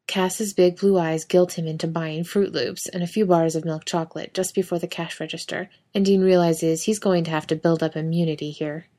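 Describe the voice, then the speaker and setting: Soft-voiced woman reading a story aloud. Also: lowish voice. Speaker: fan fiction reader. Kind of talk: audiobook-style story reading.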